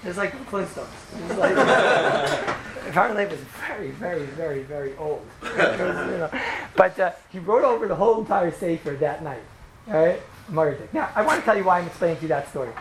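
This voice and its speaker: A man giving an informal Torah talk to students, telling stories in a rambling, animated way with many fillers and laughs. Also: sits high, fairly quick. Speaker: yeshiva lecturer. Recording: echoey room with background noise.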